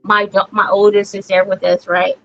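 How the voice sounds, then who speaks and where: Faint music sits under this dull, lo-fi podcast recording. The host, a middle-aged woman, chats casually and swears freely as she delivers blunt family stories. Her medium-pitched, fairly bright voice moves little in pitch and keeps a moderate pace.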